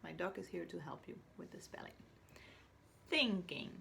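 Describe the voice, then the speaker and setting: A woman teacher from Chile giving a slow, patient recorded spelling lesson to young children, now and then whispering or acting out a word. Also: fairly low pitch, animated, vocal fry, pushed and bright, a little hiss or hum. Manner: patient, drawn-out words, whispers or acts out words as examples.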